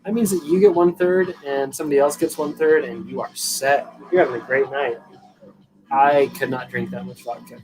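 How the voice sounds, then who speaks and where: Over music, a live stream host chats casually with his viewers, rambling, swearing, and poking fun at himself. His medium-pitched voice is fairly even in intonation at a normal speed, and the recording quality is low.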